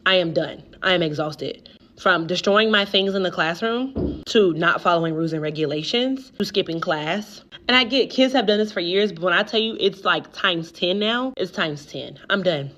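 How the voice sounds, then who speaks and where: A woman's voice: lowish voice, moderate pace, fairly bright tone. A woman teacher speaking to camera in an indignant, scolding way about her students. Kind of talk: venting to camera.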